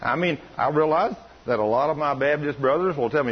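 Man, sermon, animated, slightly high, lo-fi radio. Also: fairly quick, slightly rough. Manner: folksy, animated, rises high when quoting others. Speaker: preacher. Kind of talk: sermon storytelling.

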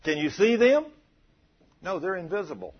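Husky preacher, animated sermon. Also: male voice, sits high, moderate pace, lo-fi sound. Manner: animated, calls out to the congregation and acts out prayers.

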